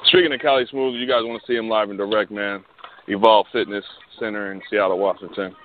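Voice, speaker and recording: A man in casual chat, slangy and quick to laugh, with a lowish voice. His words come through a thin, phone-like line with a faint hiss underneath. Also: steady tone. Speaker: podcast co-host. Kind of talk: casual chat about battle rap.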